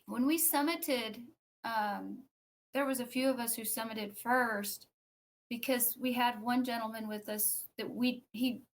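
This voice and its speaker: A woman, a podcast guest, tells a personal story in a conversational way, acting out what others said and pausing with fillers. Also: fairly high pitch. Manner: animated, acts out quoted speech; frequent fillers and restarts.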